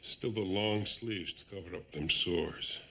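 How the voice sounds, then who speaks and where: A low, sneering tormentor, who mocks his enemy with cruel laughter. His voice is deep and bright-edged, and he drawls slowly through wide swings in pitch. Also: slight background noise, exaggerated voice. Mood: mocking. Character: taunting, sneering man menacing a foe. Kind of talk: television drama acting.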